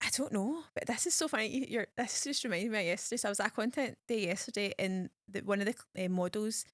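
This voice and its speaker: A woman hosting a podcast while being interviewed, chatting casually and telling stories in lively slang. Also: medium pitch, fast, no room sound, studio quality. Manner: chatty, animated storytelling with slang. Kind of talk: casual chat.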